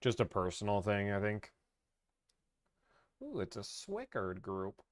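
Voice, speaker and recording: A man's voice: lowish voice, very animated, a little slow, no echo, studio quality. A man hosting a live stream where he negotiates car deals, joking and upbeat as he talks.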